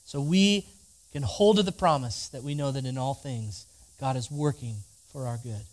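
A man's voice: mid-range voice, normal speed. A man preaching a sermon, reading scripture aloud and leading the congregation in spoken responses. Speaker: pastor.

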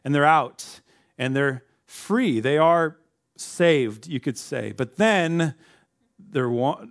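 A man preaching a sermon in a conversational way, acting out the voices of the people he quotes. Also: a little high. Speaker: pastor.

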